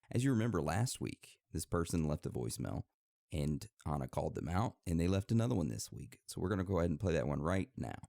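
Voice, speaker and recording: A man hosting a podcast, introducing segments in a relaxed way. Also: sits low, gravelly, dry recording, clean studio sound. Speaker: podcast host. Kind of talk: casual podcast chat.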